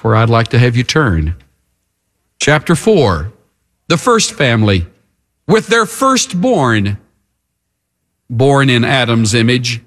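A man preaching a sermon as a pastor, emphatic and with dramatic pauses. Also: fairly high pitch, fairly bright tone.

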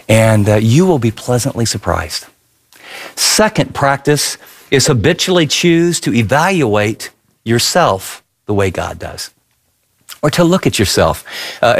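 A male pastor preaching in a lively, storytelling way. His voice sits in an ordinary middle range, and he circles back with quick repeated asides. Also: medium pitch. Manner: animated storytelling, repetitive asides. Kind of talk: sermon.

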